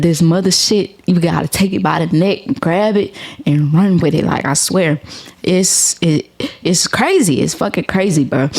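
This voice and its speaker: Casting note: young woman, podcast host, gravelly low-ish voice, animated and profane. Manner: animated, profane, laughs often, addresses listeners as y'all. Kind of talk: casual storytelling to viewers.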